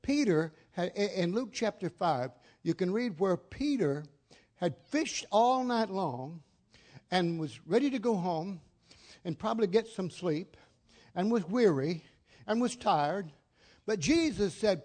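An older man preaching a fervent sermon as an evangelist, repeating phrases and building to shouts. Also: high voice, lively intonation, slow pace.

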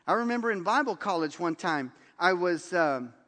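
High-voiced preacher in an echoing hall. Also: male voice, normal speed. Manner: animated storytelling, acts out quotes with laughs. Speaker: pastor. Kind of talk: sermon.

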